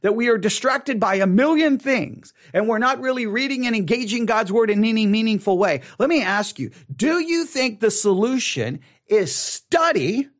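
Man, high lively voice, emphatic podcast Bible teacher, repeats words for stress. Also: normal speed, few pauses. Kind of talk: spoken teaching.

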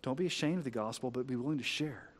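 A male pastor preaching a sermon, swelling loud on key lines and dropping low, reading scripture slowly and with emphasis.

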